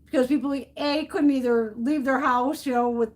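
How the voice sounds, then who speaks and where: This beauty livestream host, a middle-aged American woman, swears plenty and rants bluntly as she chats casually and depots makeup. Her voice sits high and a little mellow, with fairly even intonation at normal speed.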